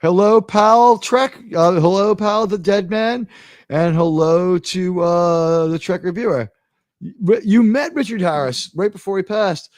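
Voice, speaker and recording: An American man hosting a live talk show, telling stories in a rambling, animated way with lots of fillers. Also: sits high, measured pace, no room sound, studio quality. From United States. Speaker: host.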